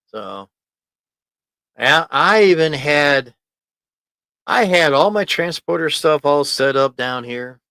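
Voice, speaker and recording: A man's voice: medium pitch, sharp tone, clean tone, no room sound. A man hosting a casual livestream from his home office, rambling and chuckling as he reads viewer comments aloud. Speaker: livestream host. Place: small home office studio. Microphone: desk mic in home office.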